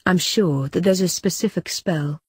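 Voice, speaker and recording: A woman reading the lines of a kind, weary young witch girl, gentle and a bit glum. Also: on the low side, normal speed, husky, no echo, clean studio sound.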